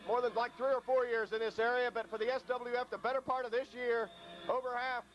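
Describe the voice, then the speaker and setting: A hoarse man calling live play-by-play at a wrestling show, drifting into rambling asides full of fillers between the calls. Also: very high voice, little pitch movement, brisk, fairly bright tone, rough recording. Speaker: wrestling commentator. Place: ringside at a local wrestling show.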